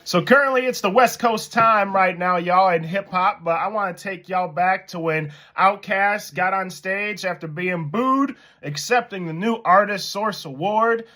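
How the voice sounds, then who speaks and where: A man casually commenting and telling a story to his viewers, animated and laughing at himself. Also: sits high, unhurried, hardly any pauses. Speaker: host commentator.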